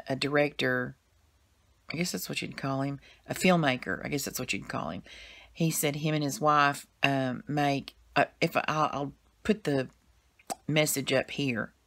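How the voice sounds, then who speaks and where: A woman's voice: deep voice, fairly bright tone. A woman with a Southern US accent, chatting casually to her camera as a vlogger, rambling with lots of fillers and restarts.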